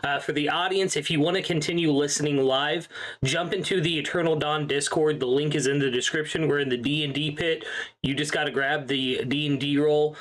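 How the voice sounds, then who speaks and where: A man's voice: on the high side, steady tone, brisk, a bit bright. A man hosting the stream and playing a tabletop game, chatting casually and speaking to the audience. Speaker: channel host and player.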